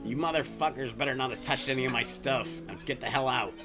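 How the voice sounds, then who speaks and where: A man voicing a surly, defensive man who shouts angrily from another room, with music behind. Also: sits low, fast talker, natural voice. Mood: hostile. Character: surly, defensive grown man in his home. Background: background music.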